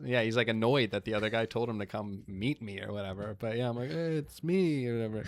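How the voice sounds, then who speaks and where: Smooth-voiced man telling animated stories. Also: on the low side, quick pace, few pauses, no room sound. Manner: animated, acts out quoted voices in anecdotes. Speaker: podcast guest, comedian. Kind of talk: casual storytelling.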